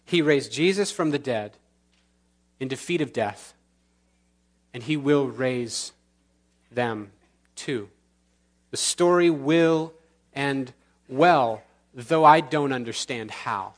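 A man pastor preaching a sermon in church, earnest with slow emphatic pauses, then leading the congregation in prayer. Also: medium pitch. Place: church sanctuary.

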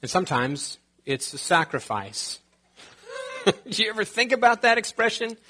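A man's voice: high-pitched, huge pitch swings, a little slow, pushed and bright, slightly rough. A man preaching a sermon as pastor, conversational with joking asides and quotes from scripture.

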